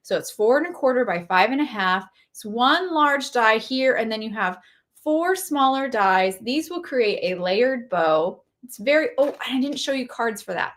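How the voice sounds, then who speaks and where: A woman's voice: on the high side, expressive, moderate pace, a bit bright. A woman doing a casual live walkthrough of craft products, chatty and enthusiastic, gushing over each item.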